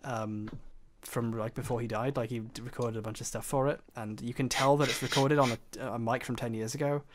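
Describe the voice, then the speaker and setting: A man's voice: medium pitch, brisk, a little hiss or hum. A young man streaming games, chatting casually, reading chat aloud and laughing easily. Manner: excitable, laughs loudly, reads chat aloud.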